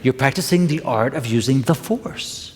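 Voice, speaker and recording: A minister preaching in a reverberant hall. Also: male voice, mid-range voice, moderate pace. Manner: conversational, confessional, with playful asides to the congregation. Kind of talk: Sunday talk sermon. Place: church sanctuary.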